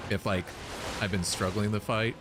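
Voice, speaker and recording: A man casually commenting on his gameplay run, relaxed and rambling with lots of fillers. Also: on the low side, moderate pace. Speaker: gamer explaining his run. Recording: voice over loud game music.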